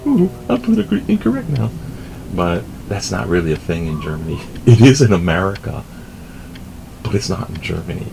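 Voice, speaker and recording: A man's voice: low voice, vocal fry, background noise. A middle-aged man giving rambling, casual news commentary, self-amused and swearing offhandedly. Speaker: vlogger reading the news.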